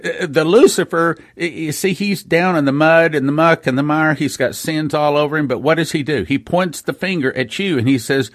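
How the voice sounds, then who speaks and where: Emphatic man preaching, a bit high. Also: fairly quick, few pauses. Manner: emphatic, repeats phrases, acts out quoted voices. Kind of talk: spoken sermon.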